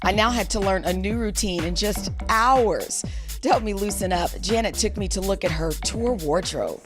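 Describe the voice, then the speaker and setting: A woman's voice: medium pitch, normal speed. A woman TV correspondent reading a scripted voice-over in an upbeat way. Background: music.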